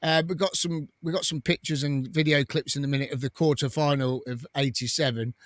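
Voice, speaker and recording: A man's voice: on the high side, fairly even intonation, a little fast, no echo. A man hosting a casual live fan stream, reading viewer comments aloud in a chatty way and laughing often. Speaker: fan channel host.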